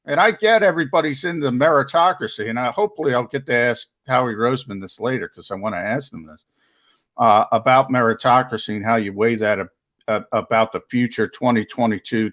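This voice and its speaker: A man's voice: medium pitch, fairly bright tone. A man in sports-show chat, giving his opinions on a football team's roster, talking casually with frequent restarts. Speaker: sports analyst.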